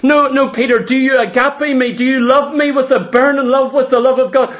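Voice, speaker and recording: A man voicing Jesus as a gentle, earnest grown male teacher gently pressing a question. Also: very high-pitched, fairly even intonation, brisk, voice pushed up.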